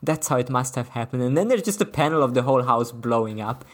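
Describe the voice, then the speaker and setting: A man's voice: mid-range voice, animated, fast, a little hiss or hum. A man from Italy co-hosting a casual comic book chat, rambling and dotting his talk with fillers. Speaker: podcast co-host.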